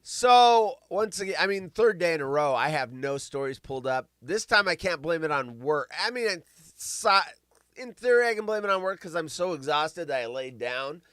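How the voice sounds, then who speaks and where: A middle-aged man hosting a live show, rambling and swearing, with big swings between loud bursts and mumbling. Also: fairly high pitch, lively intonation, normal speed, clear, resonant tone, no room sound. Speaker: podcast host. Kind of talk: casual live-stream chat.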